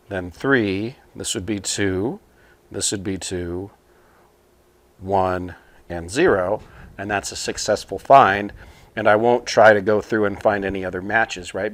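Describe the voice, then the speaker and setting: A man teaching computing, talking a class through a problem at a whiteboard in a relaxed, explanatory way with frequent fillers. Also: fairly low pitch, no echo. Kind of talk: casual whiteboard lesson explanation. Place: small room at a whiteboard.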